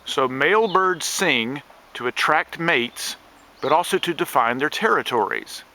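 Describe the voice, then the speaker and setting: Upbeat male nature educator for kids, animated and bright, walks through it step by step and mimics bird calls. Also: on the high side, unhurried, slight background noise. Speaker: science educator for children. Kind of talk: children's science lesson.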